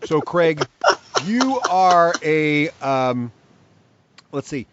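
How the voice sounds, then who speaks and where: A man's voice: fairly high pitch, lively intonation, drawn-out words, muffled recording, heavy background noise. A man hosting a podcast and running an improv role-play game, enthusiastic and laughing as he thinks aloud. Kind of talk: casual podcast chat.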